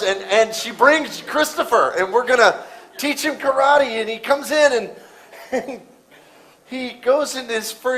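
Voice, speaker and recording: A middle-aged man preaching a sermon, telling a story that swings between loud bursts and hushed, quiet moments. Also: very high-pitched, expressive, moderate pace, some chatter behind, rough recording.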